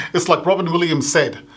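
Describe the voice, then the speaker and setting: Man, stand-up comedian, storytelling, higher voice, acts out the other voices. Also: unhurried, fairly bright tone. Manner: acts out other people's lines with a raised voice.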